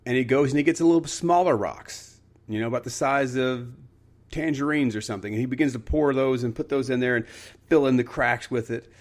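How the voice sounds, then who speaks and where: Male podcast host, earnest storytelling, mid-pitched voice, casual motivational talk. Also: brisk. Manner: earnest, storytelling, frequent restarts.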